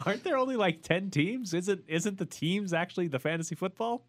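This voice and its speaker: A man co-hosting a sports radio show, jumping in with quick questions. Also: high voice, dry recording. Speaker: radio co-host. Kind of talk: casual sports radio chat.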